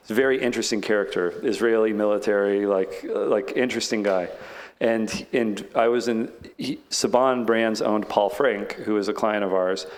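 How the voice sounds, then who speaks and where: Chatty man telling a story. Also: fairly low pitch. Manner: chatty, many "like" fillers, acts out others' lines. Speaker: panelist. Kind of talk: casual storytelling on a panel.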